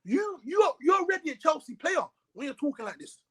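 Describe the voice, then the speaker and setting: A man's voice: very high-pitched, a little fast, a crowd in the background, low-quality recording. A man ranting about football in a heated casual chat, repeating himself as he vents. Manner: animated, ranting, repeats words, London slang. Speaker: co-host.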